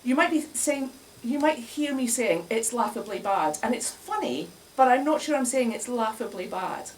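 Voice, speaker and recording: This woman's voice sits high and is expressive, at a moderate pace. Onstage indoors at a bar, she delivers a chatty, wry comic talk to the audience and laughs at her own jokes a lot. The recording comes from a distant mic with faint room noise.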